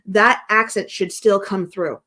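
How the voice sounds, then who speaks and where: A woman's voice: medium pitch, unhurried, pushed and bright. A woman in a casual chat, talking in long rambling turns full of restarts and questions. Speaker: guest from the American team.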